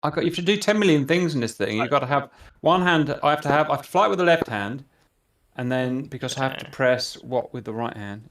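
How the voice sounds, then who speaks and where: A man's voice: mid-range voice, expressive, brisk, fairly bright tone. A man griping sarcastically and swearing while playing a flight sim with friends. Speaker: fellow player. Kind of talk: casual gaming chat.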